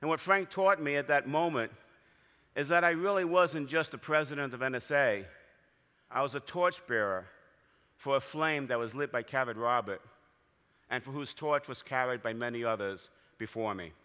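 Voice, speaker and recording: A man's voice: mid-range voice, moderate pace, bright, forceful tone, clear, resonant tone. A man telling heartfelt stories in a keynote speech as an association president, in a large convention hall. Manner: storytelling, heartfelt. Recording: long hall reverb.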